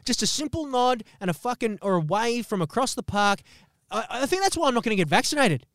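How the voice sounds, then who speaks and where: A man's voice: extremely high pitch, sing-song, fairly quick, a bit bright, a little hiss or hum. A man co-hosting a podcast, delivering an exaggerated, profane comedic rant with bursts of laughter. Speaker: podcast co-host.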